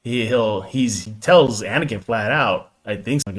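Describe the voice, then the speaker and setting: Podcast co-host, male, mid-pitched, animated, talks in repeats. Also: moderate pace. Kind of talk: casual chat.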